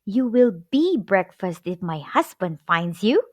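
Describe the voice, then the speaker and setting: A bossy giantess from a storybook, as a woman narrator puts her on, scolding in a high, brisk voice. Her pitch jumps about with lively range. The sound is close and dry. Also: dry recording. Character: giant's wife, big, bossy, sharp-tongued.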